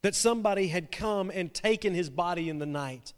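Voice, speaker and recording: A man's voice: sits high, fairly quick, smooth. A man preaching a sermon, retelling a story dramatically and often repeating his words. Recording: long reverb from a large hall.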